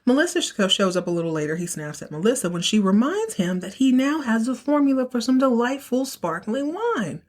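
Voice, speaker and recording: A woman's voice: a little high, big pitch swings, fairly quick, few pauses, darkish tone. A young woman hosting a podcast, casually recapping a soap opera episode with sass and playful acting out of lines. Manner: sassy, playful, acts out characters' lines in exaggerated voices.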